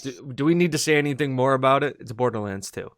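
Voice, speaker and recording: A man's voice: mid-range voice, fast talker, dry recording, studio quality. A man co-hosting a casual video game podcast, talking in a rambling, hesitant way with lots of fillers and restarts. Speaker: podcast co-host. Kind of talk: casual gaming podcast chat.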